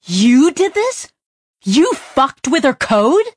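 A woman's voice: mid-range voice, animated, a little slow, no room sound, studio quality. A woman narrator voicing an agitated woman who presses hard with urgent, swearing questions. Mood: frantic. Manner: urgent, swearing, rising to near shouts. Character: agitated adult woman, sharp and frantic.

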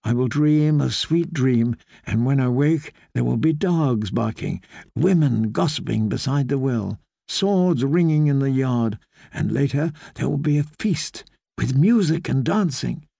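A male narrator reading as a gentle, courteous young noblewoman, spoken softly. The voice carries a light gravel and a close, dry sound. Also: mid-range voice, animated, measured pace, dry recording, exaggerated voice. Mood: polite.

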